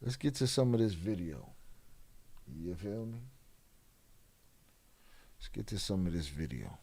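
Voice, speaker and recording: A man's voice: low-pitched, sing-song, measured pace, warm tone. A man hosting a casual livestream, talking bluntly and skeptically with a lot of swearing. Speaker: livestream host.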